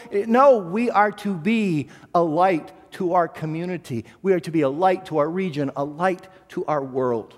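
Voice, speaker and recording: A man's voice: high-pitched, expressive, normal speed, big-room sound. A man preaching a sermon as pastor, earnest, often repeating a word as he restarts a phrase.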